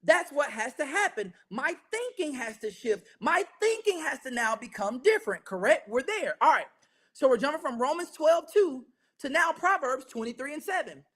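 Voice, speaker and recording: High-voiced, animated male Bible teacher. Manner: energetic, keeps checking in with listeners; leads call-and-response. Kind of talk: interactive Bible study sermon.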